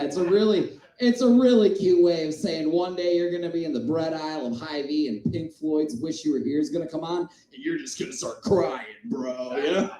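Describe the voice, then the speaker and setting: A man doing a stand-up set in a small comedy club, crude and self-mocking, swinging between shouting and mumbling. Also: on the high side, reverberant, low-quality recording.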